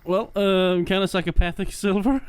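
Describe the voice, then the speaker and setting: Higher-voiced teasing podcast co-host. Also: male voice, clear, resonant tone, dry recording. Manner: dry, teasing banter. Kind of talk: casual comic-reading podcast.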